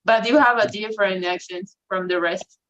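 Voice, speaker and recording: A woman teaching an English class online, talking slowly with many fillers and restarts. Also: mid-range voice, a bit bright, dull audio. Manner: slow, hesitant, non-native English with many fillers.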